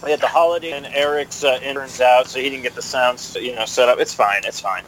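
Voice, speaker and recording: A man's voice: mid-range voice, fairly even intonation, brisk, a bit bright, slight background noise, low-quality recording. A man co-hosting a podcast in casual chat, dropping dry joking asides. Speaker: podcast co-host.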